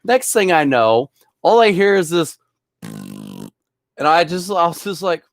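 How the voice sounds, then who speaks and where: A man's voice: on the high side, wildly swooping pitch, a little slow, creaky, no room sound. Young male storyteller, raised voice, rambling and chuckly, dry close sound. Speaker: bartender. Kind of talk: casual storytelling.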